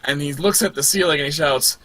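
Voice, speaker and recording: A man narrating as game master in a tabletop game, animated and laughing often. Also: fairly high pitch, brisk.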